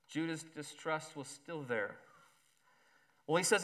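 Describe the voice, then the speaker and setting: A man's voice: mid-range voice, animated, unhurried, pauses often, pushed and bright. A man preaching a sermon, then reading a story aloud and voicing its characters. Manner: reads a story aloud, acting out the characters' lines. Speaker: pastor.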